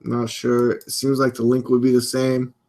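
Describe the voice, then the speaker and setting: A man's voice: mid-range voice, monotone, moderate pace, darkish tone. A man hosting a casual live-stream show, rambling and cursing, sometimes half-rapping his talk. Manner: loose, rambling, profane, drifts into rhyme. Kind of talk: casual live-stream chat, half-rapped over a beat. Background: hip hop beat playing.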